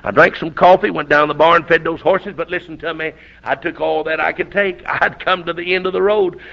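Gravelly Southern preacher man, high voice. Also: steady tone, brisk. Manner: folksy storytelling, fervent, rising to shouts. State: sore throat. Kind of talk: revival sermon. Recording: dull lo-fi recording.

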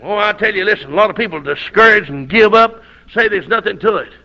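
Gravelly Southern preacher man, high voice. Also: expressive, quick pace. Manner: folksy storytelling, fervent, rising to shouts. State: sore throat. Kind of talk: revival sermon. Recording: dull lo-fi recording.

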